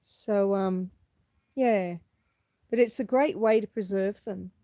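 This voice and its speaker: A woman's voice: mid-range voice, slow pace, dark tone, no echo. A middle-aged woman with a cough, chatting casually on a live stream as she walks around her homestead and reads out viewer comments. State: fighting a cough. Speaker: homesteader hosting a live walk-and-talk. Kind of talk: casual live-stream chat while walking. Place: outdoors on a farm with cows nearby.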